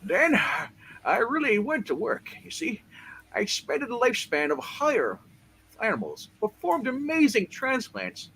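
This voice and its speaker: A man's voice: very high-pitched, wildly swooping pitch, a little slow, fairly bright tone, husky, heavily acted. A man voicing a brash young male scientist, boastful and crude, swearing as he tells his story, with faint noise behind.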